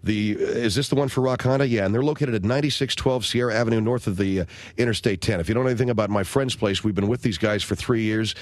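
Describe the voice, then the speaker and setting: A man hosting a radio talk show, telling rambling stories and acting out quotes in a higher voice before reading announcements. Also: fast, dry recording. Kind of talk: casual radio chat and announcements.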